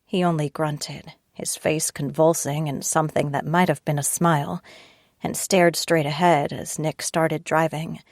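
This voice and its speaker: A woman narrating a first-person audiobook with a low voice and a wry, tense inner monologue. She sits close to a studio mic, in a dry recording with no room sound. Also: fairly even intonation, a little slow, no room sound.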